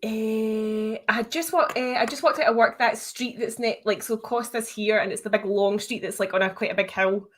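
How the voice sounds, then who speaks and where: A woman's voice: on the high side, fairly even intonation, moderate pace, hardly any pauses. A woman with a Glasgow accent, co-hosting a podcast in casual chat and laughing often. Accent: Glaswegian. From Scotland. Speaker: podcast co-host.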